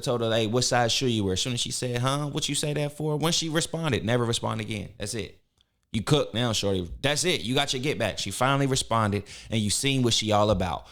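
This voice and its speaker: A man's voice: medium pitch, a bit bright. A man hosting a reaction video, mocking and teasing in casual slangy commentary.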